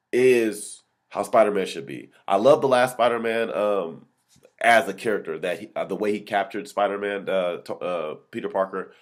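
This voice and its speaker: A man with a fairly low voice hosts his own movie review vlog. He speaks unscripted and gets excited, rambling from point to point. He often stops mid-sentence to correct or restart himself.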